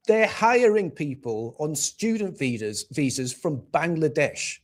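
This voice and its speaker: A man from England rants through his livestream with blunt, profane heat. His voice sits a little higher than usual and keeps climbing as he gets worked up. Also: big pitch swings, a little slow. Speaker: livestream host. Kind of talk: casual political rant.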